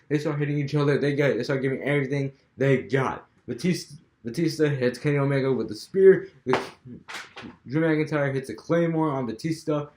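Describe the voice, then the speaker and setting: A man's voice: medium pitch, a little mellow. A young man casually talking through his fantasy wrestling booking, rambling with many restarts. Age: young adult. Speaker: wrestling fan vlogger. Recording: echoey room.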